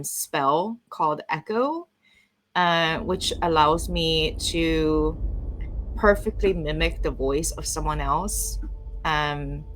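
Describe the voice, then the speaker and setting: A woman's voice: sits low, fairly bright tone, poor audio. Eager woman tabletop player. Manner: eager, questioning. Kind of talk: tabletop role-play.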